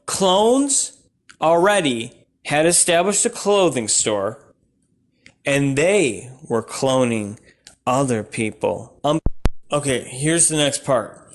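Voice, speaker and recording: Male stand-up comic, higher-pitched, rambling delivery with shouty rant bursts. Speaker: comedian. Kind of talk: stand-up comedy.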